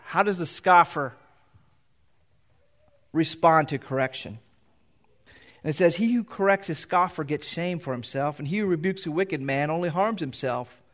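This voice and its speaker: A middle-aged pastor preaching in a church, reading scripture aloud and explaining it in a loose, conversational way. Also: male voice, on the high side. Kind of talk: sermon. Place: church sanctuary.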